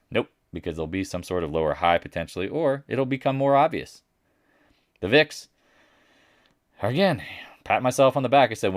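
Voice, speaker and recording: On a live market chat, a male commentator speaks bluntly and brashly, shifting from loud statements to muttered asides. He quotes others in a mocking, higher-pitched voice. It's a dry, studio-quality recording.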